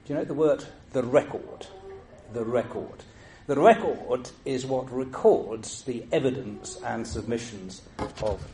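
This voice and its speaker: An older Englishman, once a judge, delivers a lecture laced with stories. His delivery is measured and dry, with a self-mocking wit, at a middling pitch, over faint background noise. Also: warm tone. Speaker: former judge giving a talk. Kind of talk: lecture with anecdotes.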